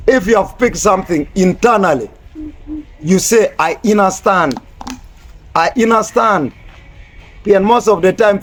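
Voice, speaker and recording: A man giving a spoken lesson on word meanings, mixing English with another language and spelling words out slowly. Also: high voice. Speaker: teacher of Rasta language.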